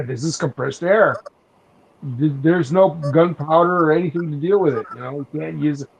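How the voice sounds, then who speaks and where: A man's voice: fairly high pitch, moderate pace, gravelly, slight background noise. Rambling man on lo-fi audio. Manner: rambling storyteller, many restarts and "you know". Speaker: podcast host. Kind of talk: casual chat. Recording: dull lo-fi sound.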